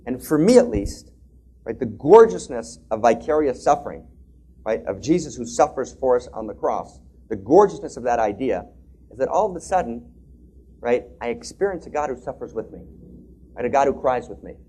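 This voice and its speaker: A man giving an impassioned talk with a story, animated, often asking "right?" and restarting phrases. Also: medium pitch, moderate pace, breathy edge. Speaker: speaker in an interfaith dialogue.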